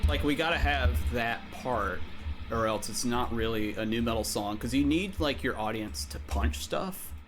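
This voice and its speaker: A man's voice: mid-range voice, normal speed, over music. A man streaming live as he writes riffs, chatting casually and jokingly with lots of fillers. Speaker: streamer and songwriter. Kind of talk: casual livestream chat while composing.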